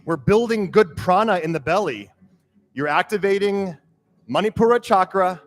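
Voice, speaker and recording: A man teaching a guided breathwork class, giving calm, steady cues and counting breaths aloud. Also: high voice, moderate pace. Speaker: yoga and breathwork instructor. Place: yoga studio. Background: drum beat music.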